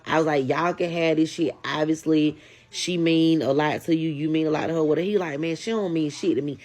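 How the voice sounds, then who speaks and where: A woman telling a casual storytime, animated and talking straight to her viewers. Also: low-pitched, fairly quick.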